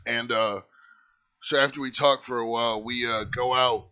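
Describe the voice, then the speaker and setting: A man with a bright, forward voice tells a story from his own life in a loose, conversational ramble. He fills his sentences with "like" and "you know" and speaks with plain, heartfelt earnestness. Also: medium pitch, fairly even intonation, moderate pace, clean tone. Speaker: channel host telling his own story. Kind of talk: casual personal storytelling.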